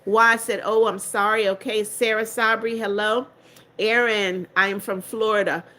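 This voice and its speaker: A woman's voice: medium pitch, steady tone, moderate pace, sharp tone. Older lady on a livestream, all congested, reading comments out and talking back to them, pretty blunt. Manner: chatty and blunt, answers comments one by one. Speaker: livestream host. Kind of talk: reading viewer comments aloud.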